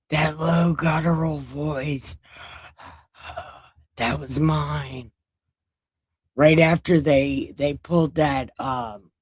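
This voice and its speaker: A middle-aged woman chats on her livestream in an unhurried, drawn-out way and is openly mouthy, swearing without a second thought. Her voice sits close and dry, with almost no room sound around it. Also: deep voice, darkish tone, breathy edge, no room sound. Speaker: livestream host. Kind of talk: casual livestream chat.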